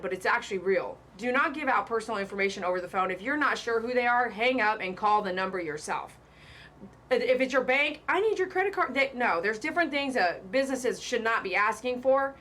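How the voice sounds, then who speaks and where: Bright-voiced woman hosting a live stream. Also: medium pitch, fairly quick. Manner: emphatic, repeats warnings, chatty asides. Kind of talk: casual live-stream commentary.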